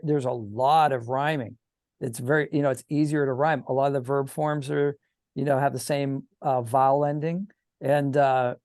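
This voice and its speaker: Chatty guy on a podcast, kinda high voice, lots of fillers, dry sound. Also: dry recording. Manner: animated, chatty, filler-heavy. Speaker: podcast guest. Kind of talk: casual podcast chat.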